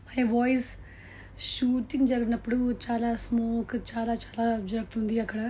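Hoarse young woman chatting with fans. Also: fairly high pitch, steady tone, rapid-fire, long pauses, dark tone, slight background noise, low-quality recording. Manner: chatty, laughing, drops to a near-whisper, switches languages mid-sentence. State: hoarse, losing her voice. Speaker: film actress. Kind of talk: casual livestream chat with fans. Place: on a film set during a break.

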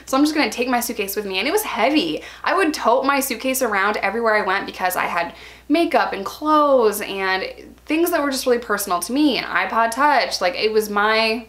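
A woman in her thirties tells a story straight to the camera. Her voice sits a little high, and she talks in a loose, chatty way full of fillers. She springs into a higher voice whenever she acts out what someone said. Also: brisk. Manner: animated, acts out quoted lines in a raised voice. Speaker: vlogger. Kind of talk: casual personal storytelling.

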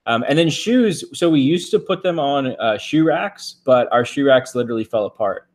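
A man co-hosting a casual live stream, talking in a relaxed, chatty way with plenty of ums and likes. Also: medium pitch, moderate pace.

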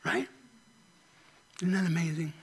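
Husky-voiced preaching man, high and questioning. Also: flat delivery, unhurried. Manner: emphatic preaching with rhetorical questions, dropping to a whisper at times. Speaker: pastor. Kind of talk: sermon.

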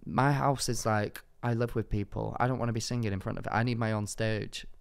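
A young man co-hosting a casual podcast chat, self-mocking and quick to laugh. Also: lowish voice, fairly even intonation, gravelly, clear, resonant tone. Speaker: podcast co-host.

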